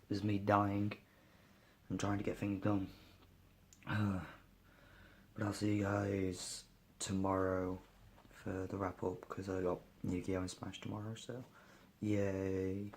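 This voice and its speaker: Sick young guy, low flat voice. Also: slight background noise. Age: young adult. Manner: tired, mumbling, lots of fillers. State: ill with a cold, sniffly and hoarse. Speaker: vlogger. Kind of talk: casual daily vlog.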